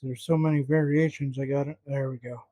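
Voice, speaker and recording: A man's voice: medium pitch, fairly even intonation, fairly quick, mellow, dry recording. A man cooking at home, talking to himself in a flustered, muttering way and swearing often. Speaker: home cook vlogger. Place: home kitchen.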